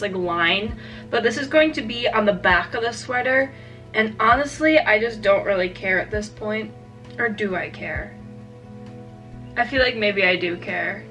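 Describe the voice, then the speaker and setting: Chatting and rambling through casual vlog narration about her crochet project, a young woman with a stuffy cold stays self-deprecating throughout. Her voice is mid-range, pushed, and bright, and it's picked up from a distance.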